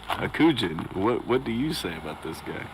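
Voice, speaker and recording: Lively joking male stream host. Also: on the low side, normal speed, noisy background. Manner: animated, laughs often, joking judge. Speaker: show host. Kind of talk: casual live-stream banter.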